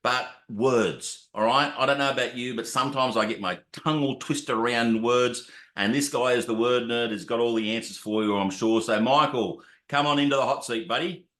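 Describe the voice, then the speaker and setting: A man's voice: mid-range voice, moderate pace, few pauses, fairly bright tone, echoey room. A man hosting a casual interview, chatty and matey, calling his guest "mate". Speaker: podcast host.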